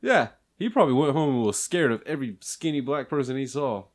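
A young man chatting casually with friends, loud, crude and laughing often. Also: mid-range voice, lively intonation, a little fast. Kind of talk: casual profane chat.

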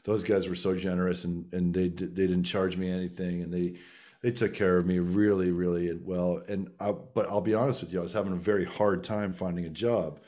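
Middle-aged man, low-ish voice, loose rambling storyteller, lots of restarts. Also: flat delivery, brisk, mellow. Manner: rambling, frequent restarts and filler. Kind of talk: casual storytelling chat.

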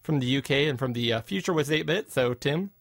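A man's voice: mid-range voice, expressive, fairly quick, creaky, a bit bright. A man co-hosting a podcast, chatting casually in a playful way. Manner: playful, laughs often. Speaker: podcast co-host. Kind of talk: casual chat.

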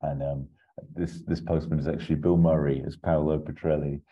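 A man chatting casually as a podcast co-host, rambling through a pitch with lots of fillers and chuckles. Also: flat delivery, a little fast, slightly rough. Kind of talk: casual chat. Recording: slightly muffled recording.

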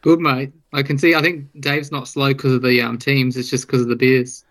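Man, flat even delivery, matey banter, video call. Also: medium pitch, moderate pace. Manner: joking, matey. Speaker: podcast co-host. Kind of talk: casual chat over video call.

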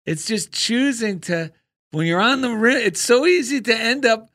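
A man with a notably high voice hosts a spiritual talk show in relaxed, chatty conversation. He tells stories with animated energy and breaks into loud cartoonish impressions. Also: normal speed. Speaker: radio show host.

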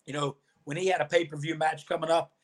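A man with a somewhat high voice tells stories as a podcast guest. He is animated and chatty, and he acts out other people's lines as he goes. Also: fast talker. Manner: animated storyteller, acts out quoted dialogue. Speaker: podcast guest, former pro wrestler. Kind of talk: storytelling interview answers.

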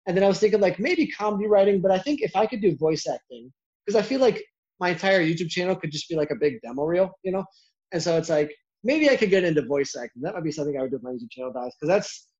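A young man, a YouTuber, talking casually in an interview, quick and chatty with lots of filler words. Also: a little high, darkish tone, breathy edge. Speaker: YouTuber guest. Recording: dull lo-fi sound.

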